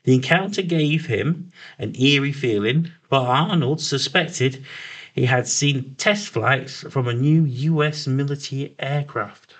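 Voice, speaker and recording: A man's voice: mid-range voice, measured pace, a bit bright. Man reading notes with stumbles. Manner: reads with stumbles and self-corrections. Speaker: podcast co-host reading the story. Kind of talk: casual banter, reading out notes.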